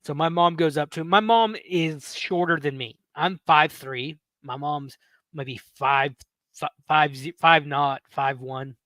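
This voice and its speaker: A man in his thirties, a podcast host, telling a story in a casual, animated way, swearing and laughing as he goes. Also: a little high, a little slow, dry recording. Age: 30s.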